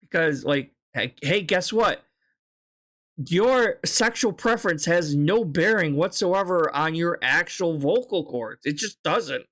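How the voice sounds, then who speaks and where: A man's voice: on the high side, animated, slow, a bit bright. A man streaming live, reacting to video clips with blunt, casual commentary full of swearing and apologies.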